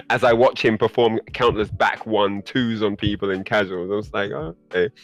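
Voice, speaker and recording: A man guest on a podcast, telling a story in a casual, animated way and laughing often. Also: a little fast, faint music behind. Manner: animated, laughing, rising pitch when excited.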